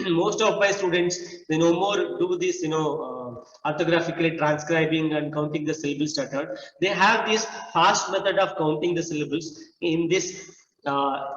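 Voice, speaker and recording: A man with an Indian English accent giving an academic lecture, explaining step by step with frequent "okay" and "you know". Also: a little high. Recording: distant echoey hall, dull sound.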